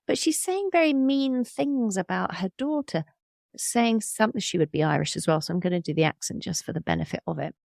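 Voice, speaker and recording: A woman's voice: fairly low pitch, gravelly, a little mellow, no room sound, clean studio sound. A woman in her fifties speaking as an interview guest, telling personal stories in an earnest and reflective way. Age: 50s. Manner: earnest, reflective, with small laughs. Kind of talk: reflective conversational storytelling.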